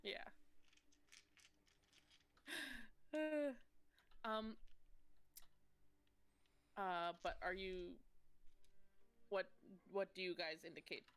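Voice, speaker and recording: A woman runs a tabletop game session, describing scenes at an unhurried, slow pace. She hesitates constantly, filling gaps with little uncertain sounds. Her pitch sits in an ordinary middle range. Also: expressive, clear, resonant tone. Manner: hesitant, many filler sounds. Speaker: game master.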